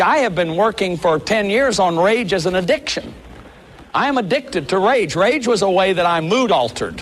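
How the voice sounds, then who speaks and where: A workshop leader lectures his audience earnestly and emphatically, frequently pausing to say "see." His voice is high-pitched, and there's a little hiss or hum in the background.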